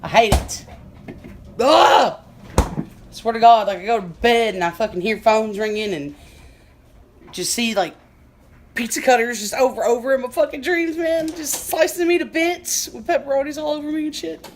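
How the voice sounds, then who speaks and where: A woman's voice: on the high side, normal speed, slight background noise. A young adult woman vlogging in a casual, profane, slangy way, filmed on a handheld phone outdoors by her car. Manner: laid-back, profane, slangy. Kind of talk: casual vlog chat.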